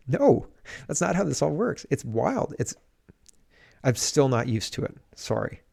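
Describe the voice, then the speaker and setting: A man's voice: a little high, very animated, unhurried, gravelly, dark tone. A man doing casual political commentary on a livestream, reading viewer comments aloud and reacting in an indignant, rambling way with frequent restarts.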